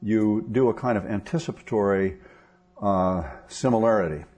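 A man's voice: fairly low pitch, normal speed, a little mellow. A man interviewing an author, asking long questions with many fillers and restarts.

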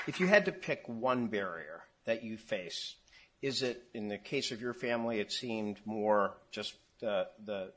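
Moderator: man, halting, rambling questions with many restarts. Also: fairly low pitch, fairly bright tone, slightly rough. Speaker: panel moderator. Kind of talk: conference panel moderating.

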